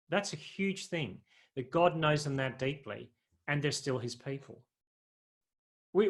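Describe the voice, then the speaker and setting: A man's voice: mid-range voice, fairly bright tone. A man preaching a sermon in a conversational, humorous way, often putting questions to his listeners.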